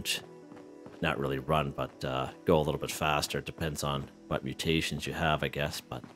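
A man casually commenting on his own gameplay in a relaxed, rambling way, chuckling often. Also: extremely low pitch. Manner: relaxed, chuckling, lots of fillers and restarts. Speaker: gaming channel host.

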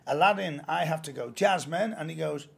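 A man, a pantomime actor and broadcaster, telling lively stories with stammering restarts. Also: fairly high pitch, brisk, gravelly, breathy edge. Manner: animated storyteller, stammering restarts. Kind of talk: anecdotal interview chat.

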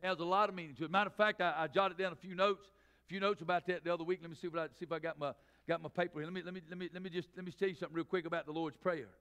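Middle-aged male pastor, high and smooth voice, preaching with shouted peaks and quick asides. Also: fairly even intonation. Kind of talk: sermon. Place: church sanctuary.

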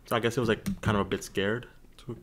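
A young man answers as a podcast guest. He speaks hesitantly, with plenty of fillers. His voice is somewhat low-pitched. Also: fairly even intonation, fast talker, slight background noise. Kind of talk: casual chat.

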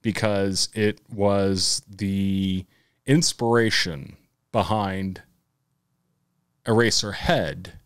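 A man co-hosting a podcast, chatting in a relaxed, hesitant way full of fillers. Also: deep voice, drawn-out words, long pauses, clear, resonant tone, no echo, studio quality. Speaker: podcast co-host. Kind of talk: casual chat.

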